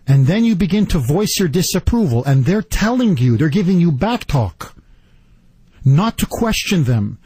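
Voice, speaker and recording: A male talk radio host ranting with indignant, rapid-fire energy. His voice is a little husky and sits fairly high, swinging widely up and down in pitch. The sound is dry and close. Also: big pitch swings, darkish tone, dry recording. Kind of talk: political talk radio monologue.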